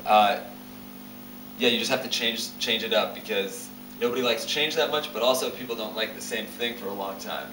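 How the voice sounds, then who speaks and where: Young guy talking at a lecture, kinda low voice, um-ing a lot, far off mic, noisy room. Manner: loose and halting, many uh's. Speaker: web series creator giving a lecture. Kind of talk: casual lecture talk. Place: lecture hall. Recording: roomy, distant, noisy hall audio.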